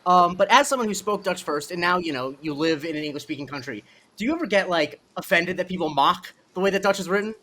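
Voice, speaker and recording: A man hosts a comedy web show and talks at a rapid clip, playful and mock-serious in tone. His voice sits a little higher than most men's, and he lays on dry jokes as he narrates and asks his questions. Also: lively intonation, bright, forceful tone, a little hiss or hum. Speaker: host.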